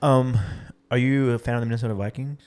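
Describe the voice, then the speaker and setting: A young man from Texas hosting a podcast, talking casually in a quick, emphatic, teasing way. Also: medium pitch, fairly even intonation, a little mellow, clean tone. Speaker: podcast host. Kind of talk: casual chat.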